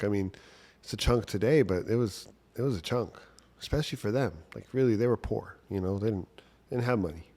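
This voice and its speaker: Very deep-voiced man telling a story. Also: a little fast, darkish tone. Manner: conversational, lots of "like" and "right?". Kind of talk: casual personal storytelling.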